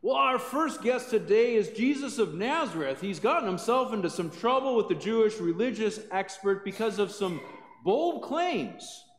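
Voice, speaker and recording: A man's voice: high-pitched, animated, moderate pace, voice pushed up. A man playing a showy talk show host. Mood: announcing. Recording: echoey church hall.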